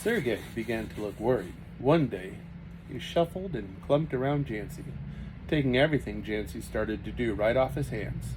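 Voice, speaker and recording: A man reading a children's novel aloud with a steady, unhurried storytelling manner. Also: medium pitch, noisy background. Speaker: reader.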